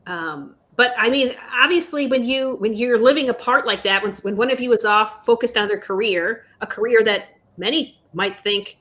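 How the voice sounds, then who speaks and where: A woman's voice: fairly high pitch, moderate pace, hardly any pauses, fairly bright tone. A woman co-hosting a podcast, chatting casually through celebrity news with lots of fillers and hedges. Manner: chatty, hedging with fillers and "allegedly". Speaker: podcast co-host.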